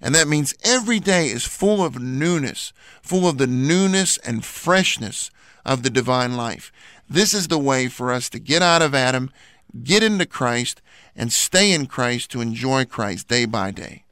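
A man's voice: medium pitch, animated, unhurried, a bit bright, clean tone, no room sound. A man co-hosting a Christian program, explaining a teaching in an earnest, scripted way. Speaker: radio program co-host.

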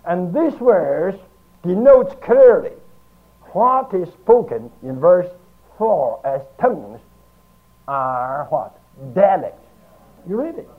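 A man preaching a sermon, teaching slowly and emphatically with long pauses between phrases. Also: fairly high pitch, very animated. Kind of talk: archival sermon. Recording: tinny phone-like archive recording.

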